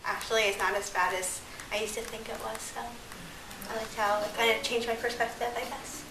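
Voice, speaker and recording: Hesitant higher-voiced woman. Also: fairly even intonation, normal speed, reverberant, recorded from a distance, background noise. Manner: hesitant, self-conscious. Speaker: student on a study trip.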